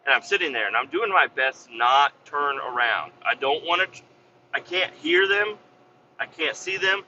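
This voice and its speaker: A man's voice: on the high side, animated, normal speed, highs cut off, a little hiss or hum. A man casually telling a heated story, swearing a lot and getting worked up as he goes. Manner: heated, swears a lot, re-enacts his own yelling. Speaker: podcast host and business owner.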